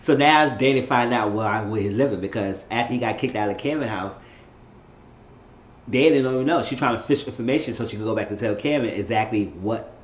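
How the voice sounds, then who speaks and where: A man's voice: on the low side, a little hiss or hum. A man reviewing a TV episode on his channel in a casual, loose and rambling way, with restarts. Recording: roomy, slightly dull home recording.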